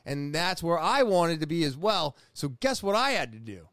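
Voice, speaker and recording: A man in his forties from New England telling a personal story in a casual, profane, animated way, often restarting his sentences. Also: on the high side, normal speed, no room sound, clean studio sound. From New England, USA. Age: 40s.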